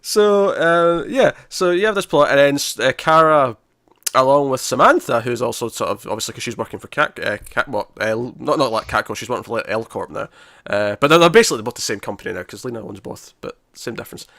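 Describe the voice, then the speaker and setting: Guy rambling on a podcast, lots of restarts and laughs, dry close sound, mid pitch. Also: a little fast, vocal fry, a bit bright, no room sound. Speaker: podcast co-host. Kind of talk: casual chat.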